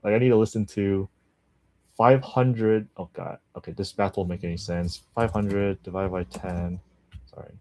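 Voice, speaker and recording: A man's voice: sits low, fairly even intonation, normal speed, darkish tone. A man livestreaming his language study, chatting casually with viewers, rambling and laughing often. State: just woke up.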